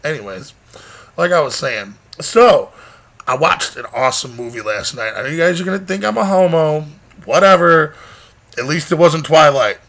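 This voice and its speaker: A man's voice: on the high side, animated, moderate pace, fairly bright tone. A young man vlogging casually, rambling and joking with heavy profanity. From Michigan, USA. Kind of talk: casual vlog rant.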